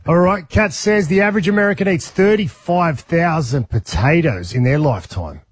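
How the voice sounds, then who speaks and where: A male morning radio host with a husky, slightly raised voice, chatting in a jokey, rambling way. The studio sound is dry and close to the mic. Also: fairly high pitch, lively intonation, normal speed, dry recording. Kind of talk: casual morning radio banter.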